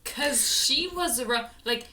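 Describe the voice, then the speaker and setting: Bright, slow-talking young woman. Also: high-pitched. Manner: blunt, sarcastic interjections. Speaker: book club co-host. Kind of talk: casual chat.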